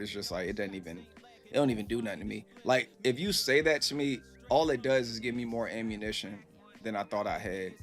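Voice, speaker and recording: A man and gaming streamer telling stories to viewers in a casual, animated, profane way. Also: fairly low pitch. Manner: animated, profane, acts out quoted voices.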